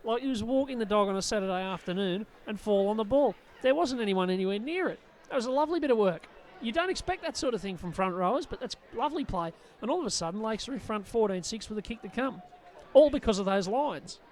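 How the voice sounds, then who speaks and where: A man's voice: sits high, lively intonation, darkish tone. A man giving expert rugby league commentary, chatty and detailed in his breakdowns of the play. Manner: quick, chatty, explains plays in detail.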